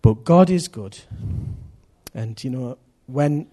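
A middle-aged man preaching a sermon in an animated way, acting out voices and swinging from loud to hushed. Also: medium pitch, slow pace.

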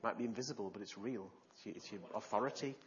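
A preacher delivering an animated sermon, retelling stories with gasps and shifts in loudness. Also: male voice, lowish voice, fast talker, highs cut off.

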